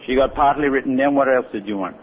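A restaurant manager answering a prank call, angry and swearing. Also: male voice, medium pitch, fast, slight background noise. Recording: tinny phone line.

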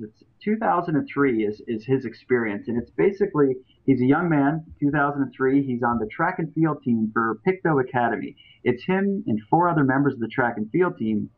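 Male podcast guest, rambling storyteller with fillers, tinny phone-like audio. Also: mid-range voice. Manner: rambling, many fillers and restarts. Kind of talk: casual storytelling.

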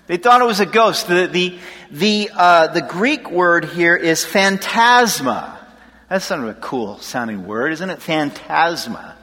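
A man preaching a lively sermon as pastor, laughing and acting out frightened voices. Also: high-pitched, big-room sound. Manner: animated, laughing, acts out scared voices.

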